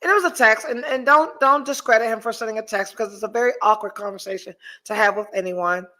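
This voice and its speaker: Chatty podcast host lady, bright sharp voice, swears a lot, talks to her viewers. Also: fairly high pitch, fast. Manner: profane, animated storytelling. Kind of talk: casual chat with live chat readers.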